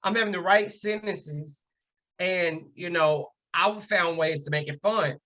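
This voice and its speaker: High, bright-voiced animated male storyteller. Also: measured pace. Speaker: podcast guest. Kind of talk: casual storytelling chat.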